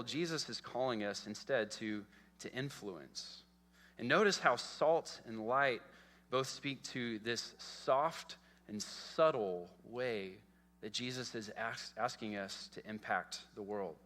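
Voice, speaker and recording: Male pastor, earnest sermon delivery with a bright edge, reverberant sanctuary sound. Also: medium pitch. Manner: earnest, repeats words, asks "okay?" often. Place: church sanctuary. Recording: long church hall reverb.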